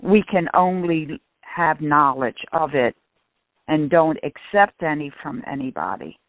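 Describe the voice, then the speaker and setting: A woman's voice: deep voice, expressive, dry recording. Middle-aged lady giving earnest advice, restarts a lot, thin phone-like sound, dry. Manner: earnest, with restarts and slow emphasis. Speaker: guest speaker on shame and guilt. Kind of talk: casual radio talk. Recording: tinny phone-like radio sound.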